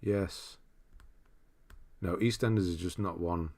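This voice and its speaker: Low-voiced male streamer. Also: slow pace. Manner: relaxed, rambling, reads chat aloud with frequent laughs. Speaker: streamer host. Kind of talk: casual live-stream chat.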